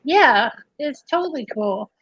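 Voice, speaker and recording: A woman's voice: sits high, animated, slow, a bit bright, slight background noise. A woman hosting a casual livestream, chatty, giggly and rambling, on dry, slightly dull audio. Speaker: livestream host.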